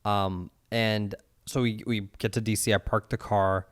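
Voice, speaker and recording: A man's voice: lowish voice, little pitch movement, unhurried, dry recording, studio quality. A man co-hosting a podcast, agreeing often and telling a story casually. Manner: agreeable, lots of yeahs, storytelling. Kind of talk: casual chat.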